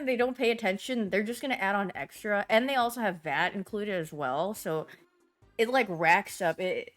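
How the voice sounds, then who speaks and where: A woman's voice: mid-range voice, animated, moderate pace, faint music behind. A young woman streamer chatting casually with her viewers, rambling through stories and laughing often. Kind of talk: casual livestream chat, answering viewers.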